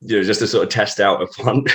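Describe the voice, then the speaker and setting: A British man with a very low, deep voice tells a long story as a guest on an interview show. He talks in a loose, rambling way, circling back with fillers and restarts. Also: fairly even intonation, a little fast, a bit bright. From Britain.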